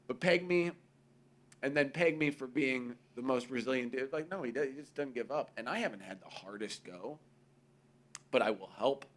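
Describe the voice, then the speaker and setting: Male co-host, casual and profane storyteller, middle pitch. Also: lively intonation, moderate pace. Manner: profane, storytelling, acts out quoted voices. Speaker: podcast co-host. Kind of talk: casual chat.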